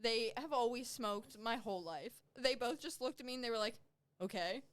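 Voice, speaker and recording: A woman co-hosting a podcast, chatting casually and making playful, quick quips. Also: on the high side. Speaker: podcast co-host.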